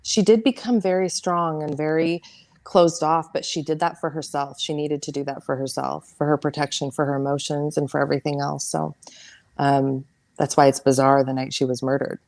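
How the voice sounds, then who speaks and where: A middle-aged woman, a podcast guest, tells a personal story in a halting, emotional way, with many fillers and restarts. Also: low-pitched, flat delivery, a little mellow, no echo.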